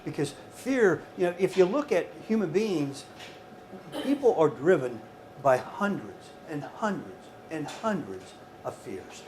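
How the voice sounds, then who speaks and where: At a workshop in a lecture room, a man lectures conversationally and emphatically, often repeating words and addressing his audience directly. His voice is fairly high and sing-song, a little slow, over a noisy background.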